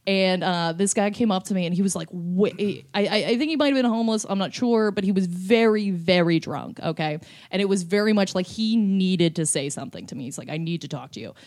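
Animated woman telling a story. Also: mid-range voice, fairly quick, few pauses. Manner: animated storyteller, acts out quotes. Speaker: podcast co-host. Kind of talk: casual podcast storytelling.

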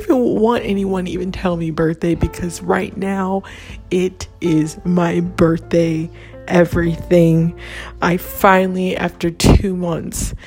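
A woman makeup vlogger talking casually, excitable and gushing, drifting into motivational pep talk. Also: fairly low pitch, unhurried, creaky, soft background music. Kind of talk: casual rambling vlog.

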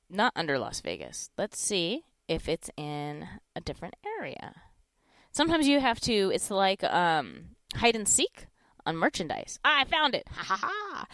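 A woman hosting a live radio shopping show, pitching deals in a chatty, upbeat way and reading out the phone number slowly. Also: a bit bright, dry recording. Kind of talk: live radio deal segment with callers.

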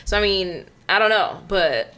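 A woman's voice: mid-range voice, animated, a little slow, sharp tone. A woman co-hosting a casual podcast, talking bluntly with a sassy, profane edge.

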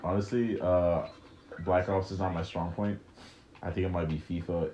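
Casual young man, very low voice, echoey room with steady noise behind. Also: muffled recording. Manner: rambling, halting, swears a lot. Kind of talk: casual chat while drinking. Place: room at home.

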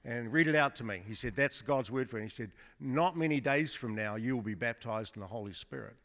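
A man's voice: medium pitch, a little fast, a bit bright. Chatty joking man preaching in a church. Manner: chatty, joking, with many restarts. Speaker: guest preacher. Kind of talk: storytelling sermon testimony. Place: church service before a congregation. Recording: long church hall reverb.

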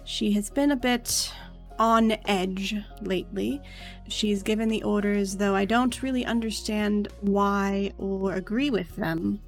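A woman's voice: medium pitch, fairly even intonation, unhurried, faint music behind, close to an everyday voice. A woman voicing a tired, dutiful male orc fort captain, polite and weary.

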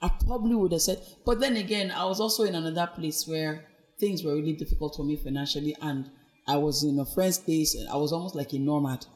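Animated woman telling her own story. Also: fast talker. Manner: animated, acts out quoted speech with big pitch swings; earnest and reflective. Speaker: podcast guest. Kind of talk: personal storytelling in conversation.

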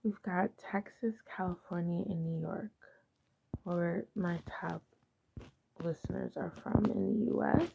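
A woman hosts a podcast in a casual, rambling chat, often sinking into a soft half-whisper. Her slow delivery carries a gravelly fry. The recording sounds dull and lo-fi, with faint noise behind her. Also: on the low side, steady tone. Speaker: podcast host.

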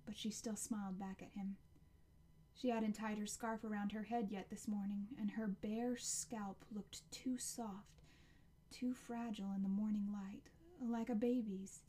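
Warm-toned woman narrating an audiobook. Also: mid-range voice, fairly even intonation, unhurried, slightly rough.

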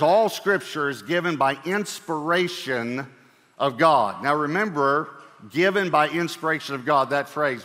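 A man preaching a sermon as pastor, talking in a relaxed conversational way with fillers and repeated phrases. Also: on the high side. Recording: reverberant church hall.

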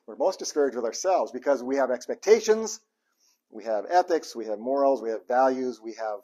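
A man preaching a sermon, telling scripture stories in a lively way with quoted voices and humorous asides. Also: mid-range voice, fairly quick. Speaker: pastor.

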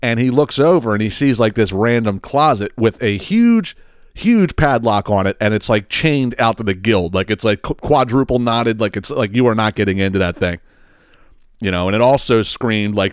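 Low-voiced man telling a rambling story. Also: expressive, moderate pace, clean tone, no echo, clean studio sound. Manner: rambling, profane, laughs often, acts out scenes. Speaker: podcast host. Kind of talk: casual storytelling monologue.

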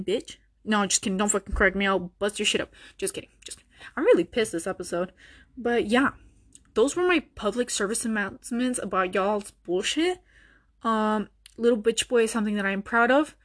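A woman's voice: medium pitch, brisk. Profane ranting young woman. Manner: blunt, profane, sarcastic. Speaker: podcast host. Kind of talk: casual ranting monologue.

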